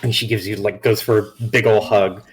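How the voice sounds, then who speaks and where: A man's voice: on the low side, fairly even intonation, brisk. Rambling game master man, faint music. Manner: loose, rambling description full of "like" and restarts. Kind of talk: narrating a tabletop game on a live stream.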